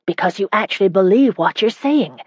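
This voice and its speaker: A woman's voice: animated, brisk, breathy edge, no echo, highs cut off. A woman narrator voicing a spirited, indignant young woman in an audiobook, speaking emphatically and sharply. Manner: sharp, emphatic, higher and louder than narration.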